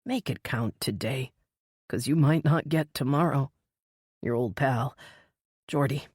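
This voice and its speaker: A man's voice: mid-range voice, a little slow, breathy edge, dry recording, studio quality. A woman voicing a dying older male mentor, blunt and folksy in a farewell letter. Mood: wry.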